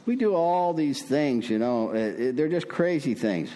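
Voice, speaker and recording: An older man tells his recovery story in a folksy, rambling way, full of fillers and restarts. His voice climbs higher whenever he turns to preaching. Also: expressive, a little slow, warm tone. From Prescott, Arizona. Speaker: recovery speaker. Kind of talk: recovery meeting share.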